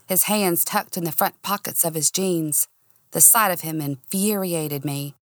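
A woman narrates a mystery serial in a cozy, expressive first-person reading. Her voice sits on the low side and is recorded dry and close. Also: no echo. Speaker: storyteller. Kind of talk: audiobook narration.

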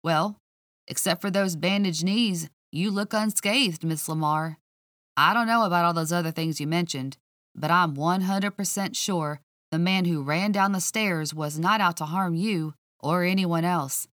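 A woman voicing a calm, teasing male police officer who speaks in a measured drawl. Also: on the low side, no echo, clean studio sound.

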